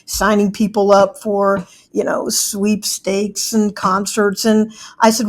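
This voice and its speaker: A woman's voice: mid-range voice, unhurried, few pauses. A middle-aged woman telling a personal story in a chatty way, acting out the people she quotes.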